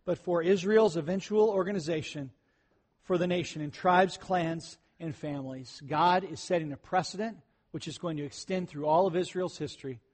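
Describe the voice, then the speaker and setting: High-voiced pastor preaching. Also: male voice, moderate pace. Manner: conversational, frequent throat clearing, bursts of excitement. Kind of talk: sermon.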